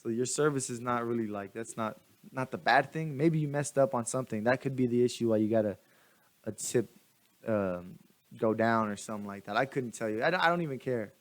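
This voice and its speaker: A young man vlogging, venting in a rambling, animated way and restarting his sentences often. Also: medium pitch, a little fast. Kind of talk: casual venting monologue.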